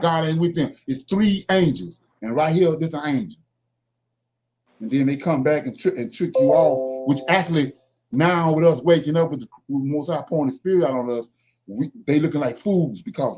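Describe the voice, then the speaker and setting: Here's a man with a mid-range, darkish voice running a casual Bible study. He reads verses out loud, unpacks them emphatically, and keeps checking in with "right?", all captured on a dull, lo-fi recording.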